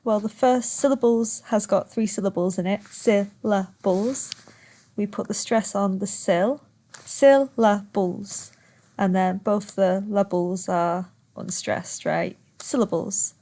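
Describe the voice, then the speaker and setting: A woman's voice: mid-range voice, steady tone, a little slow, hardly any pauses, mellow. Patient woman teaching online. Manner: patient, explains step by step, stretches words to show stress. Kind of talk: recorded online lesson.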